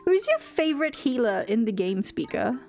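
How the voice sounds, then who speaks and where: Her fairly high, slightly mellow voice swings widely in pitch at a normal pace, backed by soft music. The young woman streams a game and chats casually, reading viewers' comments aloud and frequently giggling.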